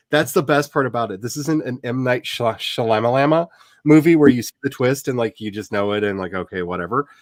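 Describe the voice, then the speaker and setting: Male host, casual chat, animated rambler, mid pitch, dry close sound. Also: no room sound. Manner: animated, rambling with many fillers.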